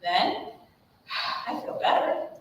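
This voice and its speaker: Woman guest speaker, animated parenting talk, far from the mic in a very echoey hall. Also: extremely slow, dull audio. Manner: animated, acts out examples with nonsense sounds. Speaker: guest speaker on child behavior. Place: school room with audience. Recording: echoey room, voice from far off, faint noise.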